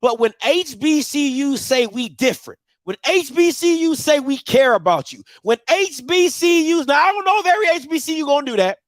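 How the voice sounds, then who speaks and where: A man, hosting a live show and telling a story in casual chat, animated and swinging from loud outbursts to low murmurs. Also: a little fast, few pauses, dry recording. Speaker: podcast host.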